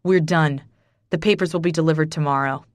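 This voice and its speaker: A woman's voice: deep voice, a little fast, no room sound, clean studio sound, lightly acted. A woman voicing a curt furious husband. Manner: cold, curt, cursing. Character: furious man ending his marriage. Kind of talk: audiobook character voice.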